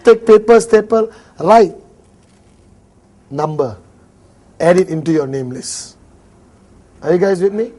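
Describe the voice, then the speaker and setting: A man's voice: high voice, takes it slowly, long pauses, mellow. A man with a Malaysian English accent giving a motivational seminar talk to a live audience, joking, acting out little dialogues and laughing often. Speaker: motivational speaker.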